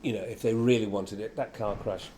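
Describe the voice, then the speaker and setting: An older actor chatting as an interview guest, a lively storyteller who acts out quotes. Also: male voice, on the low side, a little fast, a little hiss or hum. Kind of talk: casual interview chat. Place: venue with background chatter.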